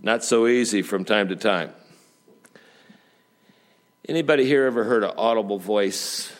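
Male pastor, middle-aged, lively sermon delivery, storytelling with jokes and asides. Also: fairly low pitch, measured pace.

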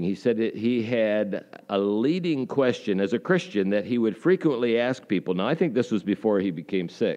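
Man, pastor, lowish voice, folksy sermon, rhetorical questions, church. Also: darkish tone, lo-fi sound. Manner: conversational, folksy, with many fillers and rhetorical questions.

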